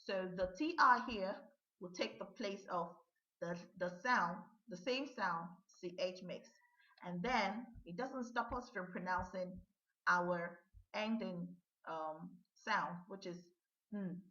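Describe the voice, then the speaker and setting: Slow, bright-voiced woman teaching pronunciation. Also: fairly low pitch. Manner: slow, drawn-out modeling of words, frequent "okay?" checks. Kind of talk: pronunciation lesson. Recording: dull lo-fi sound in an echoey room.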